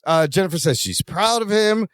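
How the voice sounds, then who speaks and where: A man's voice: high voice, normal speed, a crowd in the background. A man co-hosting a podcast, recapping a sitcom episode in casual chat and acting out the characters' lines. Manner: lively storyteller, acts out character lines. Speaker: podcast co-host.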